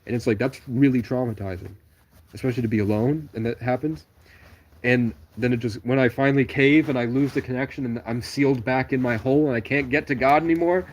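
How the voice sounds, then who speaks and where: A man with a mid-range voice speaks a little fast in a solo livestream monologue. He wanders from story to story in a digressive, stream-of-consciousness ramble.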